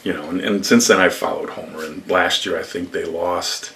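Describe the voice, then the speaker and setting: An older man from upstate New York, a former lacrosse coach, telling rambling stories in an interview with lively acted quotes. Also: low-pitched, normal speed, creaky, distant mic. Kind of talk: storytelling interview.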